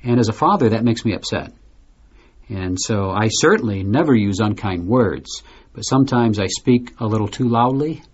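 A man hosting a slow, clearly spoken discussion for learners, explaining things patiently. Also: on the low side, lively intonation. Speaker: host. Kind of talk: scripted learner podcast discussion. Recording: dull lo-fi recording.

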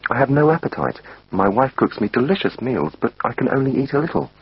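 A man's voice: mid-range voice, sing-song, a little fast, slightly rough, dry recording, voice pushed up, full character voice. A man voicing a worried, overworked male patient who speaks anxiously, reading a textbook dialogue. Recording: dull lo-fi recording.

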